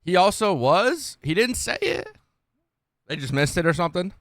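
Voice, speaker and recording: A young man streaming, reacting casually to videos in a slangy, excitable, swearing way. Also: sits high, normal speed, slight background noise.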